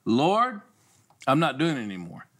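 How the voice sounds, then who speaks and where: Animated pastor telling a lively story. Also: male voice, medium pitch, normal speed, slightly rough. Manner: animated storyteller, acts out quoted voices. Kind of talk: storytelling in a casual talk show.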